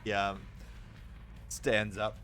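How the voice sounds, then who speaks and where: A man with a very low voice narrates a tabletop game as its game master. He tells the scene in a loose, relaxed way, pausing on fillers. Faint music plays in the background. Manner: relaxed storytelling with fillers and laughs.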